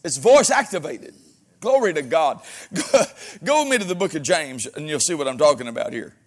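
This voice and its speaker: A man preaching a sermon as pastor, with folksy humor and frequent amens, swinging between loud exhortation and quiet asides. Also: a little high, lively intonation, brisk.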